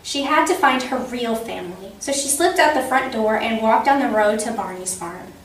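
Woman story time host, expressive read-aloud; higher voice, distant mic, faint background hiss. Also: normal speed. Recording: echoey room, distant mic, faint noise.

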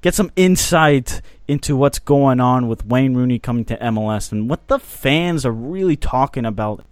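A man's voice: medium pitch, lively intonation, normal speed, no room sound. A man from the United States hosting a soccer podcast in casual chat, teasing his co-hosts and laughing often. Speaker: podcast host.

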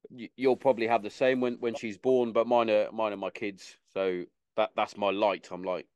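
Male podcast host, low voice, dry close sound, casual, stammery. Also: flat delivery, moderate pace, darkish tone, smooth, no echo. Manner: casual, stammers and repeats words.

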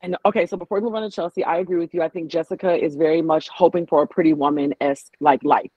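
A woman chatting casually as co-host of a reality-show recap, opinionated and animated, slipping into voices when she quotes people. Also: on the low side, quick pace, slightly rough, no echo. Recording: dull lo-fi audio.

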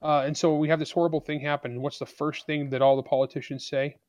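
A man's voice: a little high, level tone, fast, darkish tone. An argumentative man speaking as an author in a podcast interview. His delivery is blunt and emphatic, and the sound is dry and close, with no room echo.

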